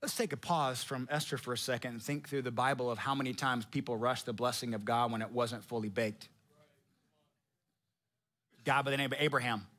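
A man preaching as pastor, energetic and conversational, joking with slang. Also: medium pitch. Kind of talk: sermon.

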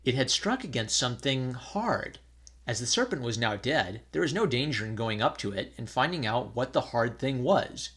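A man's voice: mid-range voice, very animated, moderate pace, a bit bright, breathy edge. Man reading an old fairy tale. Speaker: storyteller.

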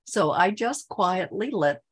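A woman's voice: lowish voice, expressive, slow, husky. An older woman, chatting earnestly with fellow guests and laughing often. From Texas. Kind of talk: casual chat.

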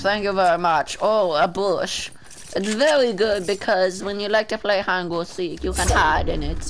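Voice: medium pitch, unhurried. A gameplay video creator giving casual, rambling commentary and often trailing off unsure. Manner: rambling, unsure self-talk. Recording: loud background game noise.

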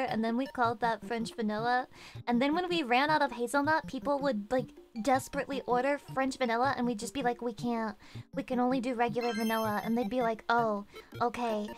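A young woman streaming, chatting casually with her viewers and swearing with loud outbursts. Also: fairly high pitch. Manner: profane, loud outbursts, rowdy. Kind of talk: casual chat reading chat messages.

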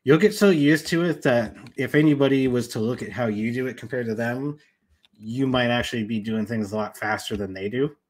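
A relaxed man co-hosts a live stream, chatting in a middle-pitched voice. He speaks in an easygoing, encouraging way, giving advice without any push. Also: brisk. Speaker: co-host. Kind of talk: casual live-stream chat.

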